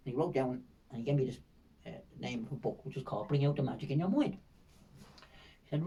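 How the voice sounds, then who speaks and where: A man's voice: mid-range voice, quick pace, long pauses, warm tone, breathy edge, recorded from a distance, rough recording. Older Dublin man telling rambling stories. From Ireland. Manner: rambling, vivid storytelling with frequent fillers and repetitions. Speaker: guest. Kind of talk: storytelling in a podcast interview.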